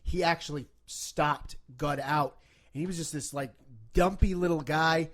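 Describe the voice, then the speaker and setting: A podcast guest with a somewhat high voice who rambles through stories with a lot of fillers and swearing. He often pokes fun at himself. He talks in a loose, conversational way. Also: steady tone, a little slow, a bit bright. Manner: rambling, profane, self-deprecating storytelling. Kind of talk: casual podcast chat.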